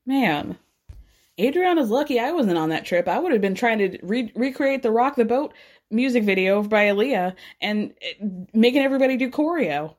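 A young woman recapping reality TV in a casual, expressive way, laughing often and swearing freely. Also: a little high, normal speed. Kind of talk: animated casual recap, quoting cast members.

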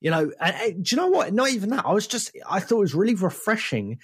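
Man, podcast co-host, casual chat, animated and opinionated, husky voice, pitch swings a lot, dry close sound. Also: fast, no echo.

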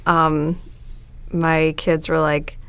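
A woman's voice: deep voice, level tone, fairly bright tone, smooth. A woman in her thirties co-hosting a podcast in casual chat, joking and giggling often. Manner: giggly, quick to joke. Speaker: podcast co-host.

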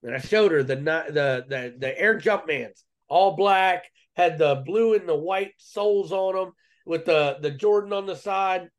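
A man's voice: sits high, unhurried, hardly any pauses. A man, a guest on a podcast interview, telling a personal story in a casual, earnest and slangy way with frequent restarts.

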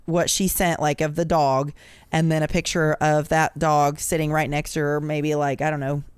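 A woman co-host reads funny text messages and lists aloud, giggling often through them. Her voice sits low for a woman and sounds smooth and clean. The recording is close and dry, with no room sound. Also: flat delivery, moderate pace, dry recording. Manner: giggly, laughs often while reading aloud. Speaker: podcast co-host. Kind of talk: casual chat, reading out funny posts.

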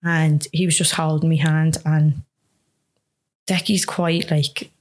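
An Irish woman in her younger years, with a low, steady voice that barely rises or falls. She recounts a personal story to an interviewer frankly and earnestly, peppering her speech with "like". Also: slow. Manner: earnest, frank, lots of "like" fillers. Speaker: guest.

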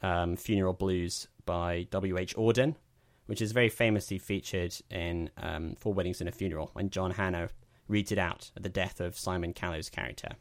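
A man's voice: low-pitched, steady tone, moderate pace, hardly any pauses, dry recording. A man hosting a film podcast, chatting casually with dry, self-deprecating humor. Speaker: podcast host. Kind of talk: casual chat.

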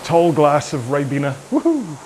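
A man's voice: a little high, normal speed, slight background noise. A man coaching an indoor rowing workout while rowing, chatty and rambling, often mocking himself.

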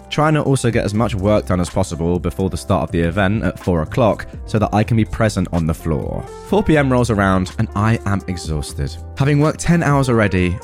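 Wry, lively man telling a work story. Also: fairly low pitch. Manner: wry, exasperated. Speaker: hotel restaurant manager. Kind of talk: storytelling narration.

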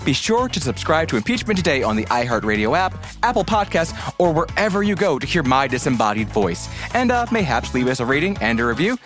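A man's voice: on the high side, very animated, a little fast, few pauses, fairly bright tone, soft background music. A man hosting a news podcast, playful and wry, with a comic recap. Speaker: podcast host.

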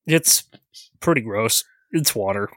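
A man's voice: fairly low pitch, animated, slow pace, fairly bright tone, dry recording. A man narrating as game master of a tabletop game, joking and laid-back.

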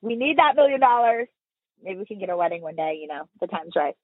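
A woman chatting as an interview guest, an animated storyteller who laughs often, heard over remote call audio. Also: mid-range voice, fast talker, husky, no room sound, phone-quality sound. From Houston, Texas. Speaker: podcast guest. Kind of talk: casual interview chat.

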